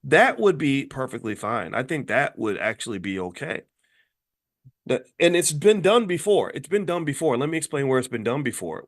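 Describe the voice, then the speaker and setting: A man hosting his own channel, giving a heated unscripted opinion monologue, repeating points and stumbling over words as he gets worked up. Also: medium pitch. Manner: emphatic, repetitive, rising and heated when animated. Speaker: channel host, finance commentator.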